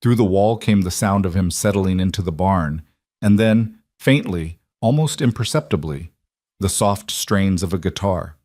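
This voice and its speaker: A man narrating a frontier storybook, slow, solemn and measured. His voice sits low. The recording is close and dry. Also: darkish tone, no echo.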